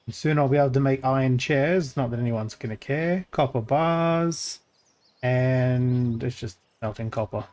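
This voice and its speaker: A man's voice: a little slow, a little mellow. Rambling male game streamer. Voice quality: voice gets crackly when pushed deep. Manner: rambling, thinks aloud with many fillers and restarts. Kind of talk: casual gameplay commentary.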